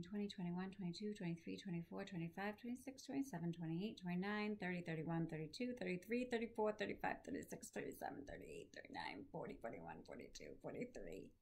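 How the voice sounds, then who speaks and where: A woman teacher reading a book aloud to her students in a measured, expressive way. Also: mid-range voice.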